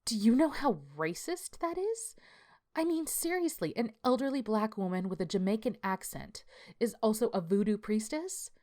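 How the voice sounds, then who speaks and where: Give a skeptical, sharp-tongued woman investigator pitched higher than the narrator's own voice, as a woman reads her part. She questions with open indignation. It sounds like a storybook reading. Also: moderate pace, few pauses, natural voice. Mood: incredulous.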